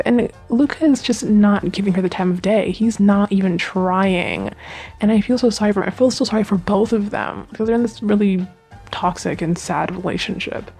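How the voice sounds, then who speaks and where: A young woman hosts a podcast from a home mic, recapping a TV series in a chatty, rambling way, gushing and filling her talk with lots of fillers and asides. Her voice is medium-pitched, husky and darkish, and she speaks briskly over soft background music.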